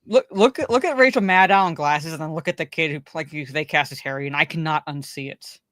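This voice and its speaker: A woman's voice: low-pitched, fast, fairly bright tone, dry recording. A woman co-hosting a casual pop culture podcast, rambling, swearing and repeating herself as she talks. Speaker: podcast co-host.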